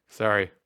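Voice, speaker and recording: A man's voice: bright, forceful tone, no echo, studio quality. A young man co-hosting a tech livestream, chatting casually with teasing, joking banter.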